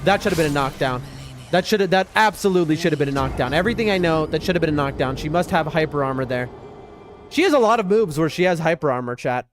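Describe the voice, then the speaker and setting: Excitable guy streaming a game, high voice jumping all over, game music loud underneath. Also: fast. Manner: excitable, talks to chat, yelps and mutters. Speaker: gaming streamer. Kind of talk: live gameplay commentary.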